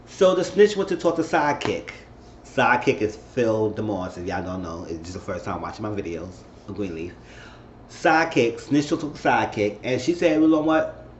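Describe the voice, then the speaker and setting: Man recapping a TV drama, animated. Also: on the low side, moderate pace, a little hiss or hum. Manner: animated retelling, voicing characters' lines, laughing. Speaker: show recap vlogger. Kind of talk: casual TV episode recap. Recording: roomy dull home recording with faint ambience.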